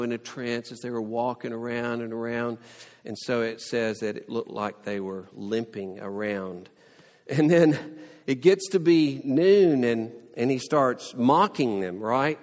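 A man preaching a sermon, telling the story with lively, playful asides and mock sarcasm. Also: mid-range voice, big-room sound.

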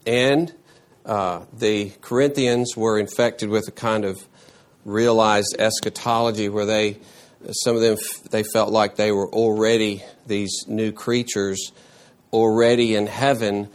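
A man preaches as a pastor with animated energy, repeating words, restarting phrases, and jumping suddenly into a high voice for emphasis. His pace stays measured.

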